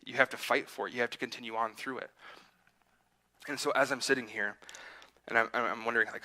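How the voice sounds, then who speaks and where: Bright-voiced man preaching conversationally. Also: mid-range voice, fairly even intonation, fast talker, poor audio. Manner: conversational, self-deprecating, acts out his inner voice. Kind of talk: sermon with personal story. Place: church sanctuary.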